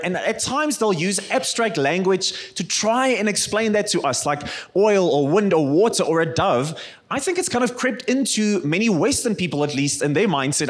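Husky-voiced South African pastor preaching. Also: male voice, high-pitched. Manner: conversational, storytelling, calls for congregation response. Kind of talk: sermon. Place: church service.

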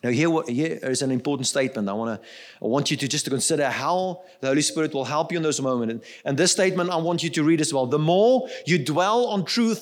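A middle-aged male pastor preaching a sermon in an earnest, conversational way, checking in with his listeners as he goes. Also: on the high side.

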